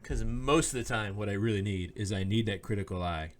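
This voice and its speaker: This Oklahoma man, a minister and podcast co-host, has a lowish voice and speaks fairly quickly. In a casual chat he shares a personal story, performing the quoted lines and laughing a lot, captured on a podcast mic.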